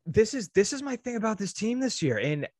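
A young man co-hosting a casual sports chat, enthusiastic and quick to cite stats. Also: high voice, big pitch swings, a little mellow, dry recording. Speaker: sports podcast co-host.

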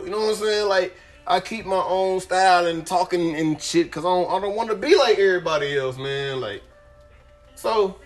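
Young male podcast host, casual and profane, animated delivery, higher voice, faint music under it. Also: normal speed. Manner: animated, profane, swings between loud outbursts and low muttering. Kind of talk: casual storytelling monologue.

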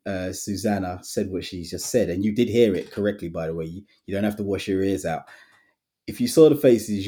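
Male podcast host, low and mellow, chatty with jokey asides. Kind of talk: casual podcast chat.

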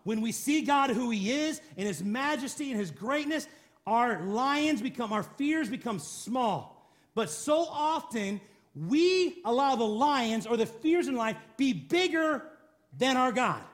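A man with a high, bright-pitched voice preaches emphatically. He stacks up repeated declarations and rhetorical questions and calls on his listeners to answer back. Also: expressive, measured pace. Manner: calls for congregation response. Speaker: pastor. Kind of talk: sermon.

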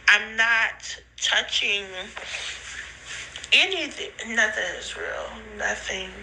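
A woman recording rambling phone voice notes while high, giggly and emotional, her thoughts drifting with frequent laughs and sighs. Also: vocal fry, pushed and bright, rough recording. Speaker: podcast host sending voice notes. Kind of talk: rambling voice-note monologue. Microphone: phone voice memo.

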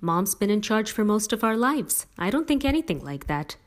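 A woman's voice: mid-range voice, sing-song, normal speed, pitched above the performer's own voice, close to an everyday voice. A woman voicing a dry, sarcastic teenage boy in a read-aloud story. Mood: wry.

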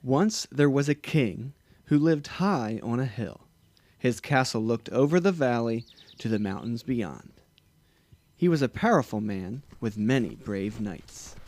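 A man reading a picture book aloud to a child, slow and expressive, adding sound effects. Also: mid-range voice, no room sound.

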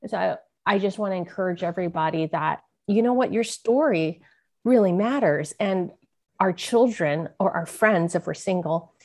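A woman's voice: lowish voice, normal speed, darkish tone. Earnest woman telling a personal story. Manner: earnest storytelling, acts out quoted voices. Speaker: author guest. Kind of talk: podcast interview.

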